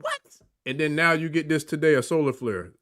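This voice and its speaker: A man's voice: on the high side, brisk. A man in casual spiritual livestream chat, rambling and emphatic. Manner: rambling, emphatic, grows excited and loud at times. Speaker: livestream guest.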